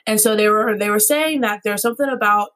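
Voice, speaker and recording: A woman co-hosting a casual podcast chat, musing in a relaxed way with frequent fillers. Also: mid-range voice, fast talker, poor audio.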